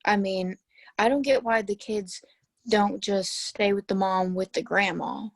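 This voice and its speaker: A teenage girl on a video call talks emphatically about a book with her classmates in a casual discussion. Her mid-range voice is creaky and steady in tone, with a measured pace, and the recording is dry.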